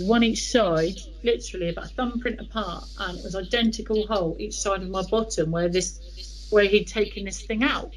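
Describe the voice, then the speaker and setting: A woman's voice: medium pitch, normal speed, slight background noise, rough recording. A woman telling a personal story as an interview guest, retelling conversations with frequent "I said, he said". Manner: lively retelling, quotes dialogue with many "I said, he said".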